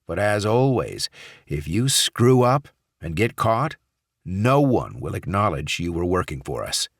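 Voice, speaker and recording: A male audiobook narrator voicing a gruff, impatient handler who gives clipped, insistent orders. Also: low-pitched, sing-song, unhurried, no echo, studio quality, heavily acted. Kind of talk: audiobook character voice.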